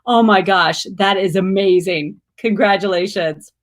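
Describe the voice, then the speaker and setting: A woman's voice: mid-range voice, unhurried. Gushing, exuberant woman livestream host. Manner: gushing and exuberant, squealing cheers. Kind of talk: casual livestream chat reading viewer comments.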